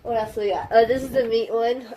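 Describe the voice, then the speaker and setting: A woman's voice: a little high, steady tone, fairly quick, warm tone, a little hiss or hum. An exhausted, emotional woman hiker vlogging to camera indoors in a half-built shelter, gushing and rambling and often laughing. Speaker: long-distance hiker. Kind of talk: casual vlog, talking to camera.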